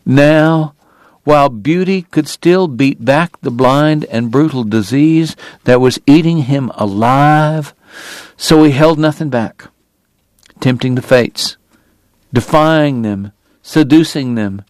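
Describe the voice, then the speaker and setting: Slow, measured male audiobook narrator. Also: medium pitch, darkish tone, no echo, studio quality. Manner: measured, lyrical storytelling. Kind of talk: scripted narration.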